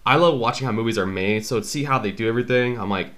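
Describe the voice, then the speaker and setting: A man in his twenties, hosting a podcast, telling animated self-mocking stories in casual chat. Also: medium pitch, fast talker. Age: 20s. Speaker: podcast host.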